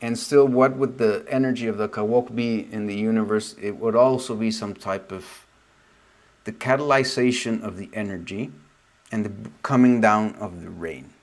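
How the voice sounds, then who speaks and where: Low-voiced man in a reflective teaching talk. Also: normal speed. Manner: reflective, meandering, often trailing off softly. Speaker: spiritual teacher. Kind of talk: casual spoken teaching.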